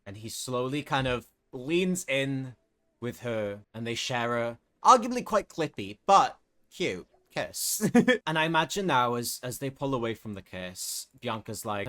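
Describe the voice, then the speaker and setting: A man casually narrating a life-sim gameplay story, chatty and filler-heavy, cursing now and then. His voice is bright and lively in tone. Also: mid-range voice, measured pace. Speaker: gaming streamer. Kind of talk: casual let's-play narration.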